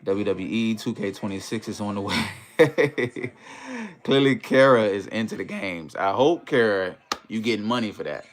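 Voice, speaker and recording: A man hosting a casual livestream in a relaxed, easygoing way, reading viewer comments aloud and greeting them. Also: on the low side, moderate pace. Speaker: livestream host.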